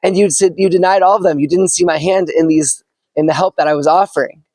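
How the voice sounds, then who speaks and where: A man voicing God in a parable, calm and matter-of-fact. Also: high-pitched, fast talker, no room sound. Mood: explaining. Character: patient, explaining God of a parable.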